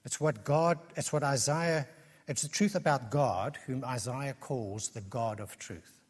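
A man's voice: mid-range voice, measured pace, slightly rough. A man preaching an earnest expository sermon, building his points through emphatic repetition. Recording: long reverb of a large hall.

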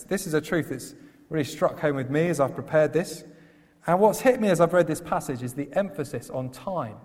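A man preaching a sermon in a church, earnest, repeating key phrases for emphasis. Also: on the high side. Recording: long hall reverb.

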